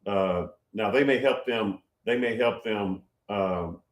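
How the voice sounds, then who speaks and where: Male livestream host with a slightly low voice, casual and emphatic, circling back on his words, recorded with room echo. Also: slow pace. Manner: rambling, repeats himself, emphatic.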